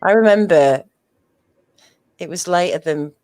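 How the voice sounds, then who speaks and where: A woman's voice: lowish voice, a little slow, a little mellow. A woman hosting a casual chat show, talking in a rambling, chatty way. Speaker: podcast host.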